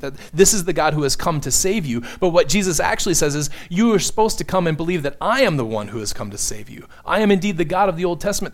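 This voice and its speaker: A man preaching an expository sermon, teaching earnestly and building emphasis on key points. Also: medium pitch. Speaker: pastor.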